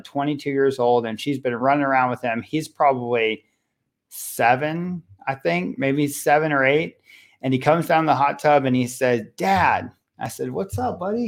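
A middle-aged man speaking as a podcast guest, relaxed and conversational in an average male register. He tells stories with energy, slipping into lively voices for the people in them. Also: mid-range voice. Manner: animated, acts out voices in his stories. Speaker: podcast guest, parenting coach. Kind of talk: conversational storytelling.

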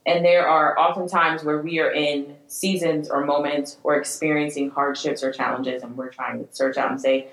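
A podcast co-host chats casually in a low-pitched, flat voice at normal speed, barely pausing. She's earnest and emotional, shifting between tears and laughter, and the recording is poor with an echoey room.

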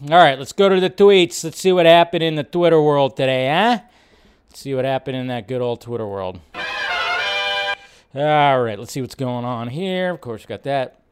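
A man's voice: medium pitch, moderate pace, clean tone, faint music behind. A man hosting a live stream, chatting casually and rambling as he reacts to tweets and trailers. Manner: rambling, restarts sentences, reacts aloud. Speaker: host.

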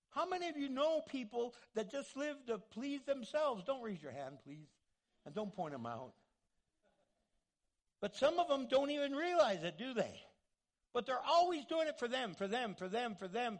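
A man's voice: very high voice, sing-song, normal speed. A man preaching a sermon, emphatic and full of repeated rhetorical questions.

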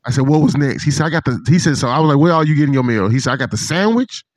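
A man in casual chat with a friend, an animated, profane storyteller who acts out what others said. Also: on the high side, rapid-fire, no echo. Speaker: podcast co-host.

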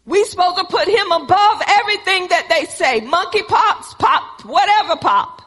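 Woman preacher, high and bright, emphatic repetitive delivery, long hall reverb. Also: animated, normal speed. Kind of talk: sermon.

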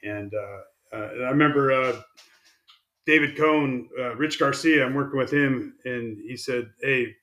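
A man's voice: medium pitch, a little slow, bright, forceful tone, dull audio. A middle-aged man, a retired umpire, telling stories as a podcast guest in an easygoing way, trailing off with fillers. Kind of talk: casual storytelling chat. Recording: echoey room sound.

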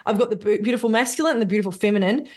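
A woman guesting on a podcast, talking in a loose, gushing, animated way and dropping swear words freely. Her pitch sits in the middle for a woman. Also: very fast, breathy edge. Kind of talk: casual conversational storytelling.

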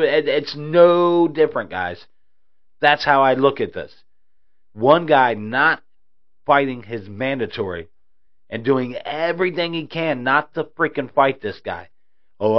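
A man hosting a podcast, ranting in a heated, profane way in casual talk, in dull lo-fi audio. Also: lowish voice. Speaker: podcast host.

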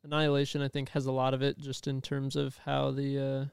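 Guy with a gravelly but clear voice on a podcast, halting film chat. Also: mid-range voice, monotone, no room sound, studio quality. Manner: halting, filler-heavy. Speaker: podcast co-host. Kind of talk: casual movie discussion.

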